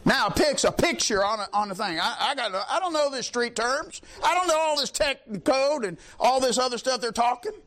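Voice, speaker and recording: A man's voice: very high voice, animated, fairly quick, few pauses, fairly bright tone. A middle-aged man preaching a sermon in an emphatic, rhetorical call-and-response manner.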